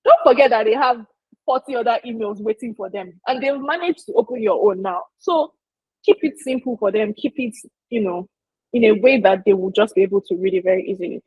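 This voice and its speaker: She talks a little fast in a slightly rough voice on the high side, teaching business marketing in an informal, chatty way and emphasizing her points straight to the audience. The recording is dry and the audio dull.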